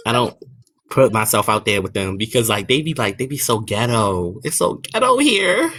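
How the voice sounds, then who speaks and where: Lively-voiced Baltimore man, laid-back. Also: mid-range voice, moderate pace, breathy edge. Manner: laid-back, self-deprecating, loose slang. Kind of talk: casual livestream chat.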